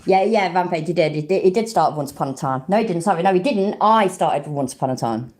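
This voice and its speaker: Lady with a low voice, sarcastic running commentary, swears a lot. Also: animated, quick pace, a little mellow. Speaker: streamer reacting to clips. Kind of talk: casual commentary.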